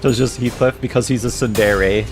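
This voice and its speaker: A man's voice: medium pitch, fairly even intonation, brisk. A young man streaming a game, reading chat aloud and joking around, laughing often. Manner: playful, jokey, laughs often. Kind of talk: casual live-stream commentary, reading chat. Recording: game music playing loudly behind.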